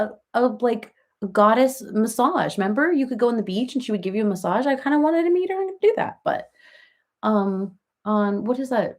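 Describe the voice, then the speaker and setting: A woman's voice: a little high, darkish tone. A middle-aged woman hosting a casual livestream, chatting with viewers in a rambling way full of fillers and restarts. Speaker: livestream host.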